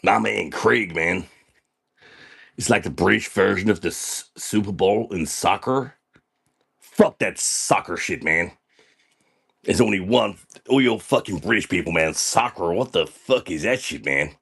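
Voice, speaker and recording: A man's voice: sits low, measured pace, gravelly, fairly bright tone, husky, exaggerated voice. Man doing a brash, foul-mouthed party dude. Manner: ends nearly every sentence with "man", brash and swaggering. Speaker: livestream character host. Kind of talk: comedic livestream persona reading chat.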